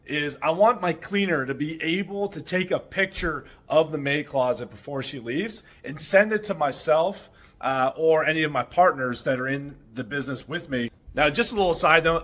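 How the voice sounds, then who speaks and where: A man's voice: fairly high pitch, a bit bright. Upbeat chatty man vlogging. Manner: upbeat, chatty, thinking aloud. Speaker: vlog host and short-term rental owner. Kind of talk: casual vlog talk to camera. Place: indoors in rental houses, moving around.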